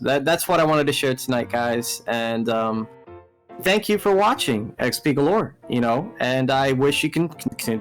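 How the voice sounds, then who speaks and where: A man hosting a casual gaming podcast, talking excitedly and rambling with restarts, with a mellow voice. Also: mid-range voice, low-quality recording. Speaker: podcast host. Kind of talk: casual chat.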